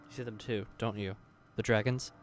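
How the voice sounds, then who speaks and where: An actor playing a grim, wary male dragoon warrior in a game cutscene, speaking in a measured, brooding way. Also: lowish voice, fairly even intonation, slight background noise, natural voice.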